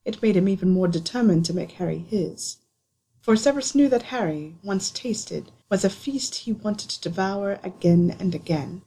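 A woman reading a story aloud in calm, even narration. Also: medium pitch, normal speed, slight background noise. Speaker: audiobook reader. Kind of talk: scripted narration.

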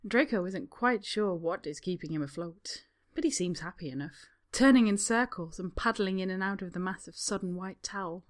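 A woman reads a story aloud in a calm, measured voice, a little lower than most. Her narration is even and steady, with now and then a softer, near-whispered phrase. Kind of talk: storybook reading of fan fiction.

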